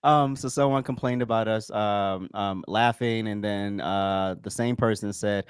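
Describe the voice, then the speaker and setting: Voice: medium pitch, steady tone, unhurried, hardly any pauses, clear, resonant tone, no room sound, clean studio sound. A podcast host chatting and reading listener comments, hesitant with many fillers and frequent laughter.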